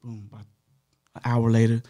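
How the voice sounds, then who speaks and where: A young man in his twenties, a podcast guest, telling his story animatedly with a slightly rough voice and acting out the dialogue. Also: medium pitch, normal speed. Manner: animated, acts out dialogue, frequent swearing. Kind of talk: casual storytelling.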